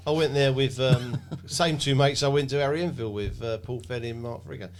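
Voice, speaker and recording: An English man co-hosting a podcast, chatting in a relaxed, reminiscing way. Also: mid-range voice, brisk. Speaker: podcast co-host. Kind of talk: casual chat.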